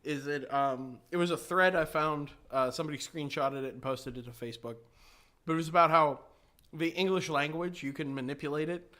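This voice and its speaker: A man with a fairly high, bright, forceful voice, chatting on a podcast. He reads out funny lines from his phone with an amused, laughing delivery. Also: fairly quick. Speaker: podcast participant. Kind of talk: casual podcast chat.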